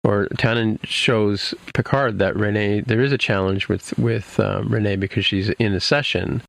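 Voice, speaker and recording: A man's voice: fairly low pitch, steady tone, moderate pace, gravelly, a bit bright. A man hosting a podcast, recapping a TV episode in casual chat, rambling with many fillers and restarts. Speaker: podcast host.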